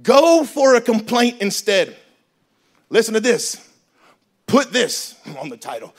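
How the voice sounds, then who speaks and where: A man preaching a sermon as pastor in a church, animated and joking, switching between loud emphasis and quiet asides. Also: high-pitched, unhurried, pauses often. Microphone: handheld microphone.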